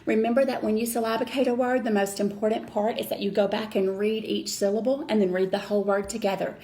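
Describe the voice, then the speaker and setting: A woman teacher explaining a reading lesson step by step to children, slow and patient. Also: mid-range voice, steady tone, dark tone.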